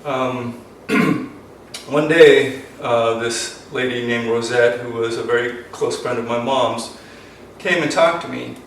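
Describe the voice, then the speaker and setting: A man's voice: medium pitch, takes it slowly. An older man, a self-defense instructor, talking earnestly and emotionally in a rambling way full of ums. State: emotional, choked up. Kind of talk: casual instructional talk to camera. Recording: very echoey, distant from the mic, faint noise.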